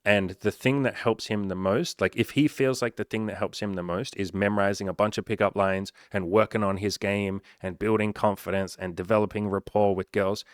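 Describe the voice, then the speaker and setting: A man's voice: on the low side, no echo, clean studio sound. A man talking as a dating coach in a casual, blunt monologue full of swearing. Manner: blunt and profane, conversational.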